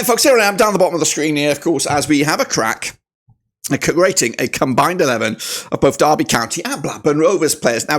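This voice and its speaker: A man hosting a casual football preview video, energetic and chatty, with frequent "of course" fillers. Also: fairly high pitch. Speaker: football channel host. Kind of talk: casual YouTube match preview.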